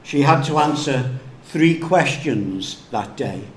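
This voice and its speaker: A male pastor preaching a sermon slowly and deliberately, dropping to hushed tones for emphasis. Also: mid-range voice, animated. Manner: slow, deliberate preaching with hushed dramatic drops. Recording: echoey room with faint background noise.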